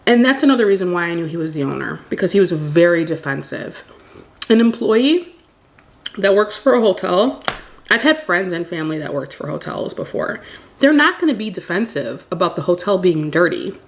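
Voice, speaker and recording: A woman casually telling a storytime tale to her viewers, animated and acting out what people said. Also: fairly low pitch, normal speed. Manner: animated retelling, acting out quoted dialogue.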